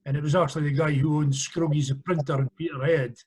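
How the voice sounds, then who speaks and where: A man, a former referee, telling relaxed anecdotes in casual chat and laughing at his own stories. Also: on the high side, quick pace, breathy edge, low-quality recording.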